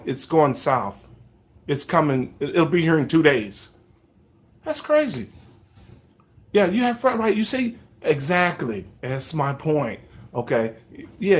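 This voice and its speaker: A man hosting a casual livestream, talking to his viewers and mimicking news announcements with animated delivery. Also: a little high. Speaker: livestream host.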